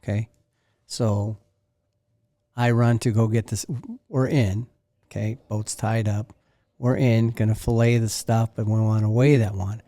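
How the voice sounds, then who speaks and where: A man co-hosting a fishing podcast, chatting in a relaxed way and reacting with short remarks. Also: fairly low pitch, unhurried, no echo, studio quality. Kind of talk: casual podcast chat.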